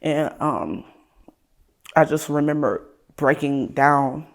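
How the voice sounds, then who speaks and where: A woman from Ohio, a guest in an interview, speaking candidly and casually, her voice sometimes trailing off softly. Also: low voice, expressive, slow. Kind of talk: emotional personal interview.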